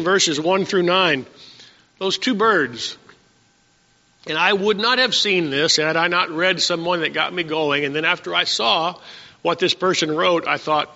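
A male pastor preaching a sermon, reading scripture slowly and then telling homespun stories to his congregation. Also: on the high side, bright, forceful tone. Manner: reads verses slowly, then tells folksy stories. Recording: dull lo-fi church recording with long reverb.

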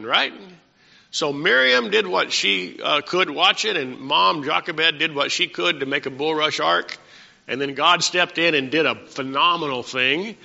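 A man's voice: on the high side, creaky, pushed and bright, in a large hall, dull audio. A man preaching a casual, conversational sermon, asking his congregation questions as he teaches.

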